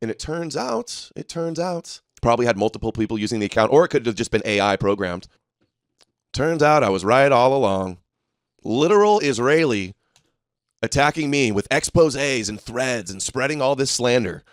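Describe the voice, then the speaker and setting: A man in mid-rant on his own livestream, combative and openly mocking. His sarcasm comes through in a plain, middle-pitched voice. The sound is dry and close, with no room around it. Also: lively intonation, moderate pace, no room sound. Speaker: livestream host. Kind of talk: ranting livestream commentary.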